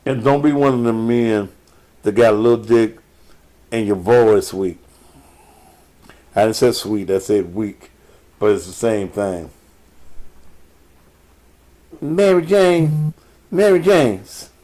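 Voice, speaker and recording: A man's voice: on the low side, slow, pauses often, mellow. A man hosting a live call-in show, bantering with crude, profane jokes. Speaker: radio call-in show host, addressed as pastor.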